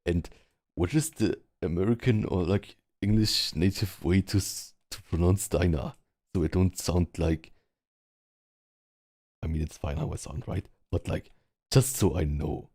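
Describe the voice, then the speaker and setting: A man's voice: low voice, a little slow, a little mellow, dry recording, studio quality. A man with a German accent, chatting casually in a virtual world and rambling with lots of fillers as he practices word sounds. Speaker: VR social game player. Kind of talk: casual chat. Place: online virtual world, speaking from home.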